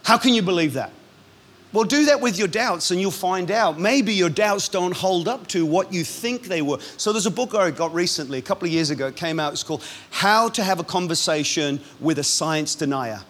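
High-voiced man preaching a lively sermon. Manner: lively, punchy preaching with quick asides and laughs. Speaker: pastor.

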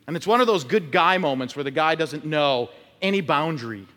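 A man's voice: fairly high pitch, expressive, brisk, bright, forceful tone. A male pastor preaching a conversational sermon, telling stories and acting out short quotes. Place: church sanctuary. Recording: long church reverb.

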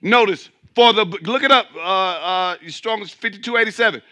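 A man's voice: high voice, normal speed, bright, forceful tone. A man preaching a sermon as pastor, emphatic, repeating words as he restarts and calling out to his listeners. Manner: calls out to the congregation.

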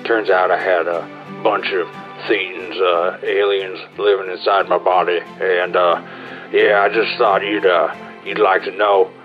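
A man delivering an absurd comic message in a deadpan, halting way, with many drawn-out pauses. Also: low voice, muffled recording, soft background music. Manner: deadpan, hesitant, full of drawn-out uhs. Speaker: call-in comedic contributor. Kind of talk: deadpan comedic bit.

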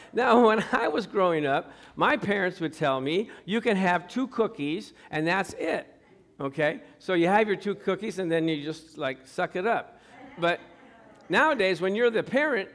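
Animated and a bit bright, a middle-aged man's high voice carries a sermon at a moderate pace. As pastor he tells stories, impersonates the people involved and breaks into laughter a lot.

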